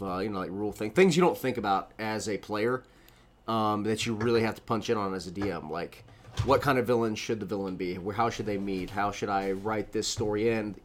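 A man co-hosting a casual podcast, rambling and animated, laughing often. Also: fairly low pitch, brisk, slight background noise. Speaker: podcast co-host. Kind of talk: casual chat.

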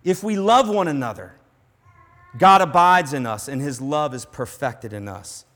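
A man preaching a sermon in earnest, dropping to a hush on some lines and rising to emphasis on others. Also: on the high side, animated, measured pace. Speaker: pastor. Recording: long hall reverb.

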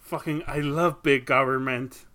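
Joking, casual podcast co-host; middle pitch, playful banter. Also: steady tone, measured pace, crowd noise. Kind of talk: casual chat.

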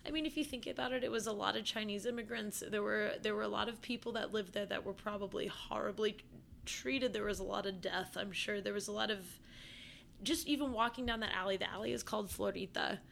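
A woman chatting as a podcast guest, swearing freely and packing her talk with fillers. Her voice is bright and forceful, with a gravelly, creaky edge. She holds a middle pitch. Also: brisk, a little hiss or hum. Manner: animated, profane, with frequent fillers. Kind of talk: casual storytelling chat.

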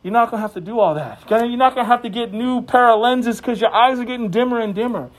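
A man with a notably high voice preaches a sermon. He talks to the congregation in a relaxed, conversational way and slips jokes in between the scripture. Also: quick pace. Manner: conversational and joking.

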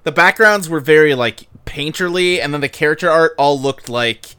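Man, podcast host, casual rambling chat, fairly high voice, bright tone. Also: moderate pace, clean tone. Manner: rambling, swears casually, lots of fillers.

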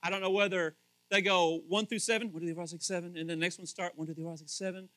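A man preaching a casual, conversational sermon as pastor, animated and questioning his listeners. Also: high-pitched, fast, dry recording, poor audio. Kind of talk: casual sermon, Bible teaching.

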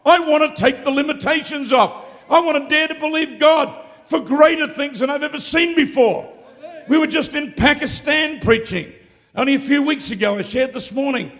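A man preaching live to a congregation, moving between hushed storytelling and loud, shouted declarations. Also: extremely high pitch, vocal fry, big-room sound. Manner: swings from quiet storytelling to shouted exclamations. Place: large hall, live event.

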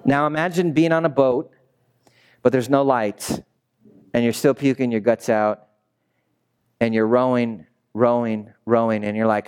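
A male pastor delivers a sermon with a smooth, resonant voice at an everyday middle pitch. He tells the story dramatically, swinging from loud shouts to quiet, hushed lines. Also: measured pace, long pauses. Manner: animated storytelling preacher, swinging between shouts and hushed asides.

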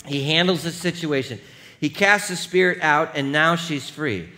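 A man preaching a sermon as pastor, animated and emphatic, and rallying the congregation. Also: fairly high pitch, normal speed.

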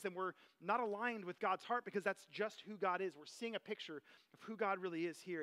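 Bright-voiced man preaching casually. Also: high voice. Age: adult parent. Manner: conversational, animated, personal anecdotes. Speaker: pastor. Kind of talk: casual sermon.

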